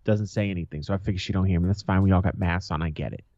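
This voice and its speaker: Telling stories bluntly, profanely and aggressively, this podcast co-host keeps the chat casual. His deep, darkish voice races along, recorded with no room sound and a slightly dull, lo-fi quality.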